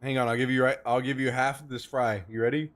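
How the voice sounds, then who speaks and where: A man's voice: medium pitch, flat delivery, quick pace, a bit bright, no room sound. Joking young streamer guy, dry close mic. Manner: loose, joking, talks to chat and his dog, swears casually. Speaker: livestreamer. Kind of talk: casual live-stream chat.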